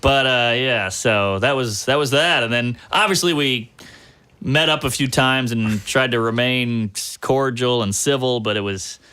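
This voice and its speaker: A man's voice: medium pitch, measured pace, pushed and bright, clean tone. A man, a guest comedian, telling long self-deprecating stories in a casual, profane podcast chat.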